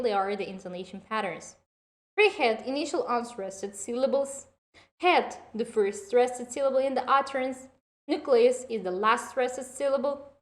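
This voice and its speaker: A woman teacher giving a recorded lesson to her students. She talks in a deliberate, instructive way with slightly non-standard English phrasing, poses questions and answers them herself, and praises her class often. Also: a little high.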